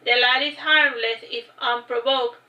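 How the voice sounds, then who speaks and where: Cheeky storybook jester, mock-formal and teasing, read by a woman with a bright voice. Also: a little high, fairly even intonation, a little slow, muffled recording. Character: cheeky playful male court jester.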